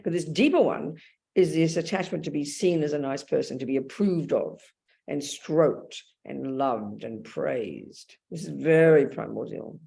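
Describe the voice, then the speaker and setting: A woman's voice: rumbling low, gravelly, warm tone. A woman with an Australian accent giving a blunt, emphatic dharma talk as a Buddhist nun, calling her listeners darling.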